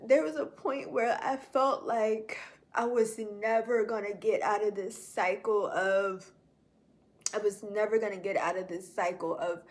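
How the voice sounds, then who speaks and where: Young woman, video journal, slow unhurried talk, mid-pitched voice, casual and heartfelt, calls her viewers y'all. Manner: casual with many fillers.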